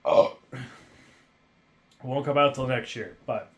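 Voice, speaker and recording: A man hosting a podcast, telling a casual story in a profane, ranting way that swings between mumbled asides and loud outbursts. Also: medium pitch, expressive, slow pace. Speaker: podcast host.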